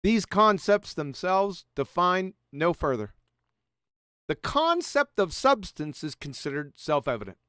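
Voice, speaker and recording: A man's voice: sits high, sing-song, a little slow, sharp tone, clean tone, no echo, clean studio sound. A man giving a mocking, profane presentation over slides, sarcastically addressing an absent author as he goes. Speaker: video presenter.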